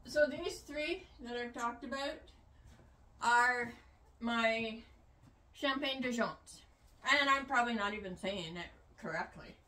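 Slow-talking older woman in an echoey shed. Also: fairly high pitch, bright, forceful tone, slight background noise. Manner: soothing, coaxing with animals; rambling with many fillers. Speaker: homesteader. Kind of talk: casual vlog talk. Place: rabbit shed. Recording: echoey, distant from the mic, music behind.

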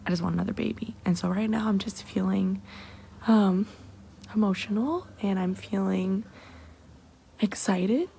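A young woman in a personal vlog, talking softly and emotionally with many fillers. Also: mid-range voice, a little slow, gravelly, long pauses, a little hiss or hum. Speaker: vlogger.

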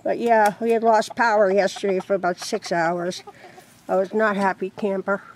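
A woman's voice: mid-range voice, steady tone, moderate pace, slight background noise. A woman chatting casually and rambling, laughing often, outdoors by a chicken coop. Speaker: crochet vlogger. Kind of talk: casual vlog chat.

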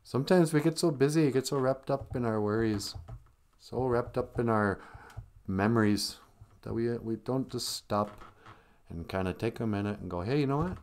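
A man's voice: mid-range voice, normal speed, a little mellow. A middle-aged man hosting a live stream in casual chat, full of playful, joking asides.

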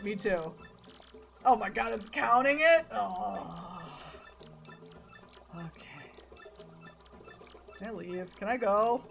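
A woman's voice: medium pitch, gravelly. A young adult woman streamer giving casual, sarcastic commentary while playing a game. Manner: wry, sarcastic, laughs often. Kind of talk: casual let's-play commentary.

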